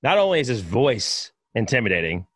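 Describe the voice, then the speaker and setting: Animated, emphatic male podcast host. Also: mid-range voice, a little fast, no echo. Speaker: podcast host, radio broadcaster. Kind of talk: casual podcast conversation.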